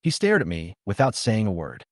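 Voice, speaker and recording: Lively low-voiced male recap narrator. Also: normal speed, dry recording, clean studio sound. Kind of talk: first-person story recap narration.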